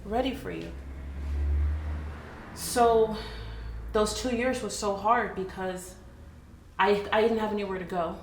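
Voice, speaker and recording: A woman from Jamaica telling a painful personal story in an earnest, halting way, with many restarts. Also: mid-range voice, fairly even intonation, a little hiss or hum. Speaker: business owner telling her story. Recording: roomy echo.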